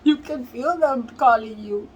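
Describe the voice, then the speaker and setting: Brief: woman tarot reader, high and slow-spoken, tearful, earnest, soft laughs between lines. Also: slight background noise, rough recording. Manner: earnest, repeats phrases. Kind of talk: tarot reading to camera.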